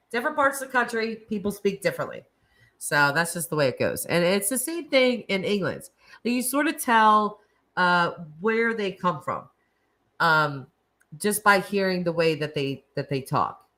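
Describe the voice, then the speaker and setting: A woman's voice: lowish voice, sing-song, a little slow, a bit bright. A woman with a Northeastern American accent, hosting a casual live-stream chat and reading out viewers' comments, talking in a chatty, rambling way full of "like" and laughter. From Northeastern United States.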